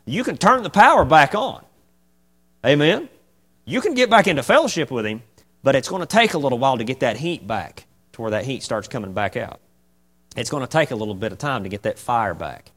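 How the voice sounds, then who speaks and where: A man leads an informal Bible study in a folksy, lively manner. He keeps asking his listeners questions and drives his points home. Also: medium pitch, a little fast. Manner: folksy and animated, asks the group many questions. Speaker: preacher teaching a Bible class.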